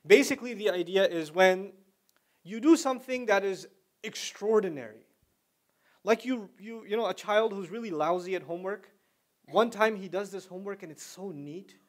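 A man giving a religious talk to a young audience, telling stories with big swings from quiet to loud and asking listeners questions. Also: sits high, moderate pace. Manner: animated storyteller with wide swings in loudness; conversational, asks listeners questions. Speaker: Islamic lecturer.

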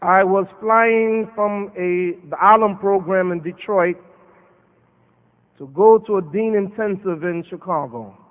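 A man's voice: sits high, a little slow. An American man giving an impassioned sermon at a Muslim conference, quoting Arabic verses. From United States. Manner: impassioned preaching with Arabic quotations. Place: large conference hall. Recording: phone-like sound with long hall reverb.

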